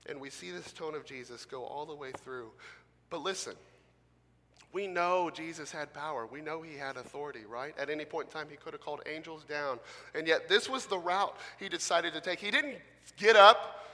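A man preaching a sermon as pastor, animated, moving between loud emphatic stretches and quiet gentle ones. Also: fairly high pitch, moderate pace. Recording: long hall reverb.

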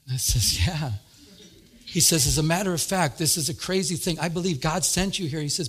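A man preaching a sermon, telling a personal story with lively retold dialogue and growing excitement. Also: a little high, quick pace. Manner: animated, retells dialogue with rising excitement. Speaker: pastor.

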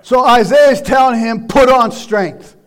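A man preaching a sermon, loud and emphatic, shouting exhortations and dropping into quiet asides. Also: very high-pitched, measured pace. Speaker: pastor.

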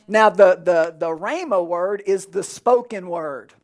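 Male pastor, high voice, animated sermon delivery with sudden drops to a near hush. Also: takes it slowly. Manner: animated preaching, swings from loud to hushed. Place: church.

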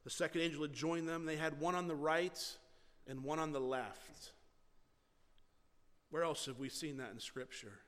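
Man, pastor, sermon, somewhat high voice, loud and soft by turns, long hall reverb. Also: normal speed, pauses often. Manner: shifts between loud emphasis and soft quiet delivery.

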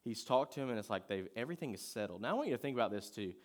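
A man preaching a sermon in a conversational way, moving between loud emphatic points and quiet scripture reading. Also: mid-range voice, animated, rapid-fire. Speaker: pastor.

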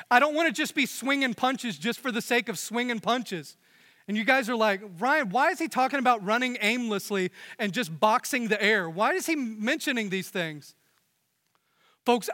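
A young man preaching with a high, bright voice that rings through a reverberant church hall. He preaches earnestly, climbing for emphasis, then sinking to hushed, intimate lines. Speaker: pastor. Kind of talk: sermon.

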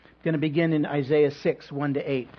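A male pastor delivering a sermon in a measured way, with reflective pauses and touches of light humor. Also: on the high side, little pitch movement. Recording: dull lo-fi recording.

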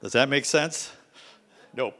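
A male preacher giving a dramatic sermon, swinging between loud and hushed delivery. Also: medium pitch, takes it slowly, long reverb tail.

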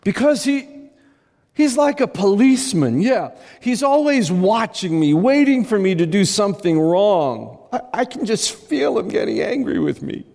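A man's voice: on the high side, unhurried, darkish tone, in a large hall, natural voice. A man voicing a panicky, frightened man who stammers and breaks into shrieks. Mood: panicking. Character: panicky man terrified of an angry god.

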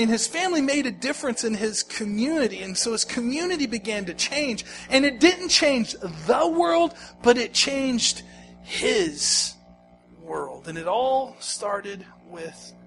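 A man with a high-pitched voice preaches a sermon. He swings between hushed, slow lines and loud, pleading ones, and repeats phrases for emphasis. Soft music plays faintly underneath. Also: rough recording. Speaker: pastor.

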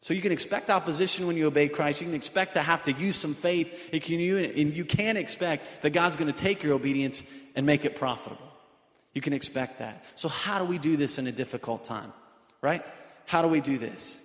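A man's voice: fairly high pitch, brisk, a bit bright. A man preaching a sermon as pastor, earnest and full of rhetorical questions. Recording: echoey hall with long reverb.

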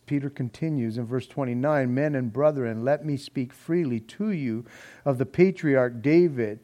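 A man's voice: medium pitch, moderate pace, warm tone. A middle-aged man preaching an expository sermon, reading scripture aloud with earnest emphasis. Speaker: pastor.

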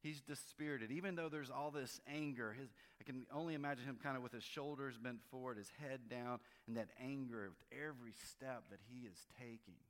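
A man preaching a sermon in a relaxed, conversational way, often restarting his phrases. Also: mid-range voice, a little fast, hardly any pauses. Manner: conversational, with frequent restarts and varied emphasis. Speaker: pastor. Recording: long hall reverb.

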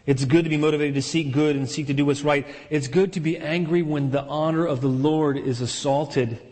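A pastor preaching a sermon in an earnest way, repeating key phrases for emphasis. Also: male voice, fairly high pitch, steady tone, fairly quick, darkish tone, long reverb tail.

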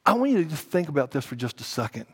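Dramatic high-voiced preacher in a reverberant church. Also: male voice, sing-song, rapid-fire, husky. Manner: dramatic storytelling, big swings between hushed and loud. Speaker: pastor. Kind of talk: sermon. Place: church sanctuary. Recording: long church hall reverb.

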